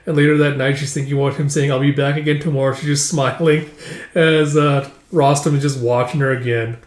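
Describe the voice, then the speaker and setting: A man's voice: medium pitch, fairly even intonation, moderate pace. A man casually recapping a manga in a chatty, loose way, in a roomy-sounding recording. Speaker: manga reviewer. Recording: roomy echo.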